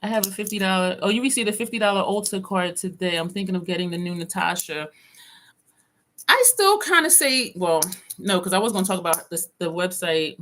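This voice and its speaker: A woman's voice: fairly low pitch, lively intonation, fairly quick, a bit bright. A woman vlogger chatting casually on a live stream from her home desk, talking to viewers by name and reading their comments aloud.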